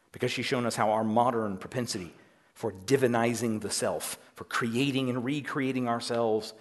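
Lively male pastor preaching. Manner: animated, acts out quoted voices in his telling; drops to a quiet, low tone for emphasis. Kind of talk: sermon.

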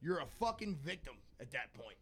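Loud ranting man with a high voice. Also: big pitch swings, fairly quick, a crowd in the background. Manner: loud, ranting, prone to yelling. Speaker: podcast co-host. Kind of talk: casual podcast chat.

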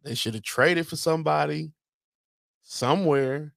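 A man co-hosting a sports podcast in casual chat, teasing and talking with lively emphasis. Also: fairly high pitch, creaky, dry recording, studio quality. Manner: animated, teasing, drawn-out emphasis. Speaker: podcast co-host.

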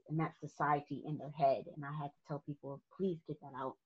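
Woman podcast guest, husky, animated storytelling, dull lo-fi sound. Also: sits low, normal speed. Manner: animated storyteller, laughs often. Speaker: guest photographer. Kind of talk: casual podcast chat. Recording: muffled lo-fi podcast audio.

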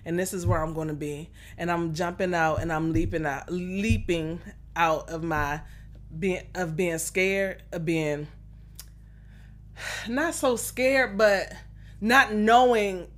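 A woman's voice: lowish voice, measured pace. A middle-aged woman hosting a solo podcast, talking earnestly and encouragingly about faith and pushing yourself, with many restarts. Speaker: podcast host. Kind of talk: solo motivational podcast talk.

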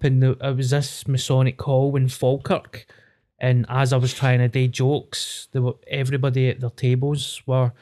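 A Scottish man, a guest comedian, telling a swear-laden story about a bad gig in casual chat. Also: medium pitch. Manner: animated anecdote teller, swears freely.

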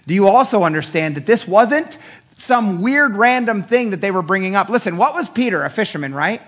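A male pastor delivering a Sunday message with a somewhat raised pitch. His preaching is casual and slangy, and he acts out the lines of people in the story as he goes. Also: expressive, fairly quick, fairly bright tone. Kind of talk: Sunday sermon.

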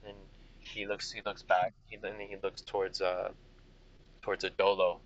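A man's voice: low voice, flat delivery, moderate pace, highs cut off. A young man narrating as game master from inside his car, rambling with fillers and restarts. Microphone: computer or tablet mic.

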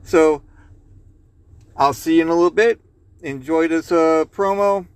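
A man's voice: fairly high pitch, unhurried, clean tone, dry recording. A man hosting a podcast in casual chat, rambling loosely, swearing and reading a joke aloud. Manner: rambling, loose, swears and laughs at own jokes. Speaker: podcast host.

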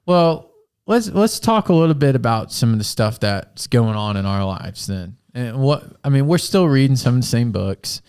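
A laid-back man chatting on a podcast with a smooth, clear voice. He talks in a loose, slangy, joking way and laughs easily. His pitch sits in an ordinary middle range. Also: animated, normal speed, a little mellow. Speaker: podcast co-host and youth pastor. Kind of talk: casual chat.

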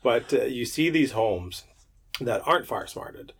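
A man who works as a firefighter and medic, chatting casually on a podcast, laid-back and quick to laugh. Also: mid-range voice, animated, slightly rough. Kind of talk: casual chat.

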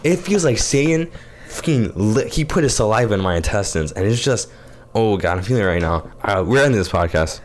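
Animated young man on a podcast. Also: on the low side, fairly quick. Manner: animated, laughing, groaning and exclaiming. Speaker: podcast co-host. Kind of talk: casual chat.

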